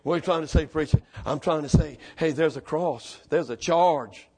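A man preaches a fiery sermon, his voice high and gravelly with a husky edge. He shouts out the climaxes of his stories. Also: normal speed. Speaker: pastor.

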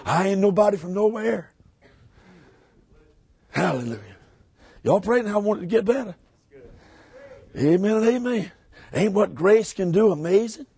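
A man preaching a shouting revival sermon, hollering high, then dropping low. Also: lively intonation, a little slow, creaky, long pauses, breathy edge. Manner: hollers with rising pitch, then drops low. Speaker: pastor.

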